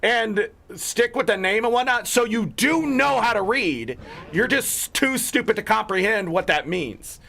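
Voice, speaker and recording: A man's voice: high voice, expressive, measured pace, creaky, sharp tone. A young man streaming a video game, swearing and ranting in an exasperated way while he plays. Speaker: gaming streamer. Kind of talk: casual gameplay commentary.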